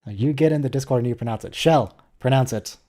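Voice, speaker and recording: Warm in tone and medium in pitch, the American host speaks fast. He runs a casual live watch-along, ribbing a viewer and giving playful pronunciation tips.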